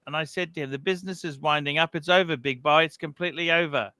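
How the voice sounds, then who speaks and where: A man's voice: on the high side, steady tone, brisk, pushed and bright, clear, resonant tone, no echo. A man hosting a casual livestream, animatedly retelling a feud. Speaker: livestream host.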